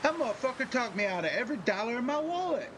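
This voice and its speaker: Male streamer as a fleeced carnival customer, squeaking in disbelief. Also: very animated, quick pace, background noise. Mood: exasperated. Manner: shrill, disbelieving.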